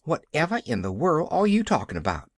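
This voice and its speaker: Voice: medium pitch, wildly swooping pitch, a little fast, no echo, clean studio sound, pitched above the performer's own voice. A reader voicing Nancy, a flustered rural servant woman who talks in folksy dialect. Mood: fretful.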